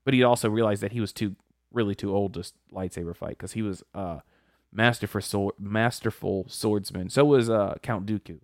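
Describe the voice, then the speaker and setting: A man's voice: fairly low pitch, normal speed, no echo, studio quality. A man co-hosting a casual podcast, confidently explaining lore at length and swearing casually. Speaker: podcast co-host. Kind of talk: casual chat.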